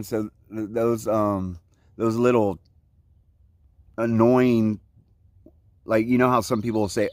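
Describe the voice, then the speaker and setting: A man's voice: fairly low pitch, steady tone, takes it slowly, pauses often, a little mellow, no room sound. A man in his forties from Central Florida, vlogging casually on a hiking trail outdoors, with laid-back surfer talk full of "like, you know, man.". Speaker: thru-hiker vlogger.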